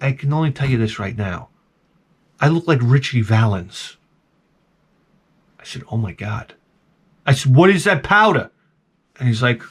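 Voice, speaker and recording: Older male vlogger, high and very expressive, salty comic storyteller. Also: husky. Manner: animated, profane, acts out his own reactions. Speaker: vlog host.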